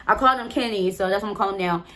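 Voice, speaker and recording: A woman telling a personal story straight to camera in a loose, conversational way. Her voice sits at an ordinary middle pitch. She is frank and casual, drops the odd curse word and keeps turning to her viewers. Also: rapid-fire, pushed and bright. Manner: candid, swears freely, addresses viewers as y'all. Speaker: storytime vlogger.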